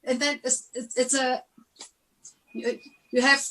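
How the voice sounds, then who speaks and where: A woman's voice: high voice, level tone, moderate pace, pushed and bright, rough recording. A woman teaching an online music lesson over a video call, often singing phrases on nonsense syllables to show how they should sound. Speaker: music teacher giving a masterclass.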